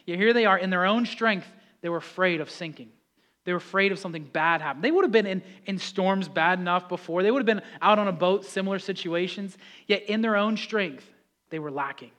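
A man preaching a sermon, talking with the congregation, swinging from loud pleading passages to hushed calm ones. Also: high-pitched, fast. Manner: builds to loud impassioned pleas, then drops to hushed calm; conversational preaching with audience questions. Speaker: pastor.

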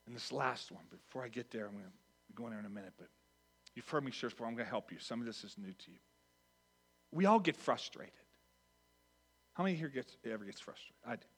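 A man preaching a sermon to a church congregation, animated, dropping to a hush and then rising to loud lines. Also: mid-range voice, fast, pauses often, breathy edge. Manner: animated, swings from hushed to loud acted quotes. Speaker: pastor.

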